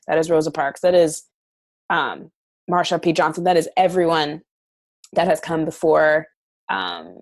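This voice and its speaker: A woman's voice: deep voice, fairly even intonation, unhurried, long pauses, dry recording. A woman from Canada, a podcast guest, speaking bluntly and emphatically in a candid interview, swearing freely.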